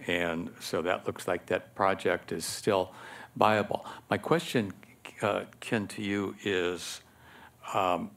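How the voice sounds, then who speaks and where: A man's voice: sits low, fairly even intonation, slow, vocal fry, fairly bright tone. A man on a city preservation board, asking questions hesitantly with many fillers into a desk microphone in a city hall chamber. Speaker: board member. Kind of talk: public meeting remarks.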